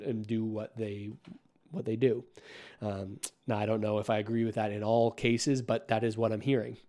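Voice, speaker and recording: A man hosting a live-stream commentary, talking in a measured, skeptical way with many ums and uhs. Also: medium pitch, darkish tone. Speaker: political commentary host.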